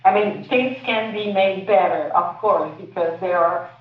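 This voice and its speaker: A woman's voice: medium pitch, measured pace. Hesitant woman heard from far off. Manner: hesitant, searching for words, many fillers. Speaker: filmmaker answering audience questions. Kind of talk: panel Q&A answer. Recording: distant, echoey, phone-like sound.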